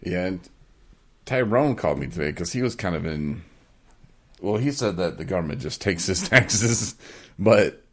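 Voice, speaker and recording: A man chats casually on his podcast from a home studio. His voice sits very low with a gravelly fry. He tells stories easily, laughs often and acts out other people's lines. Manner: laid-back storytelling, laughs often, acts out quotes. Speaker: podcast host.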